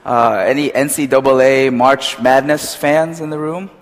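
A man's voice: mid-range voice, a little slow. A young man preaching a casual sermon, chatty and storytelling, with many asides to his congregation. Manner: chatty, storytelling, animated when retelling. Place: church hall. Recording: reverberant hall.

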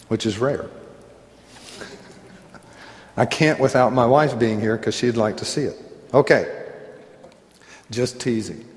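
A man preaches to his congregation at an unhurried, deliberate pace, his voice trailing into the long reverb of a big church hall. He keeps it conversational, breaking off for asides and clearing his throat now and then. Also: medium pitch, darkish tone. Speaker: pastor. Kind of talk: sermon.

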